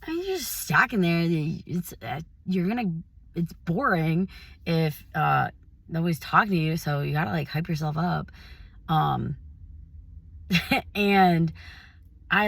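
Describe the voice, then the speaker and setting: A young woman giving a casual motivational talk, chatty and full of fillers, swinging between loud hype and soft mutters. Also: on the low side, gravelly, no room sound. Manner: chatty, lots of "like" fillers and self-quoting. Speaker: motivational vlogger.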